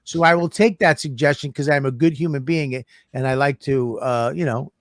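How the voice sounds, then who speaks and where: A man's voice: medium pitch, moderate pace, no echo, studio quality. A man co-hosting a casual comedy podcast, ranting with profanity and sarcasm. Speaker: co-host.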